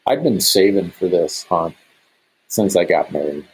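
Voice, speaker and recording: Middle-aged male podcast guest from Montana, low and slightly husky, animated storyteller. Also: measured pace, rough recording. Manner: animated, acts out quoted speech in a raised voice. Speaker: guest hunter.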